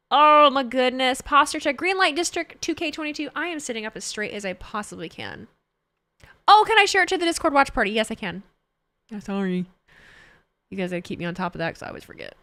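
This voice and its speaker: A young woman chats live with her audience from a home desk microphone, her voice bright and ringing. Her pitch swoops up and down as she laughs, swears and reacts to what viewers type. The sound is close and dry, with no room echo. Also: quick pace. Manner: excitable, laughing, swears freely, reads chat aloud. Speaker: livestreamer reacting to wrestling. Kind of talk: casual live-stream chat.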